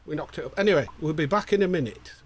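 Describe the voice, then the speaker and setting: A man's voice: a little high, animated, racing, husky. A man, co-hosting a casual livestream and jokingly reading out viewer greetings. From England. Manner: jokey, bantering, stumbles over names.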